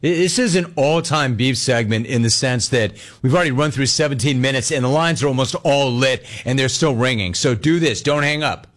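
A man's voice: medium pitch, brisk, hardly any pauses. A man hosting a call-in sports radio show, talking in a brash, mocking way and laughing often. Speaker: radio sports talk host. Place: radio studio.

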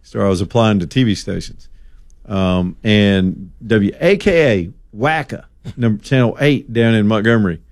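Middle-aged man, radio host, low voice, animated storyteller. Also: moderate pace. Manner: animated storyteller, acts out quotes. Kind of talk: casual storytelling talk radio.

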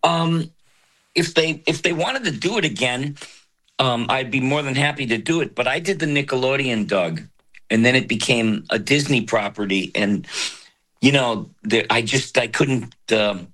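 An older man, a voice actor, talking in an interview in a reflective, halting way with many fillers. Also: medium pitch, animated, fairly bright tone. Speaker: voice actor guest. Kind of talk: casual interview talk.

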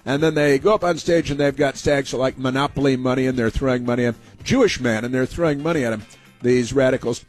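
A man hosting a talk show, delivering combative political commentary at a middle pitch. He rambles, stacks up fillers and restarts, and keeps a faint music bed under his voice. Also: quick pace.

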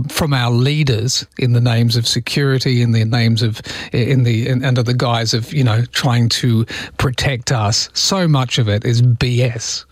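A man's voice: medium pitch, dry recording, clean studio sound. Male talk radio host. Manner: agreeable, conversational, opinionated. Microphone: studio microphone.

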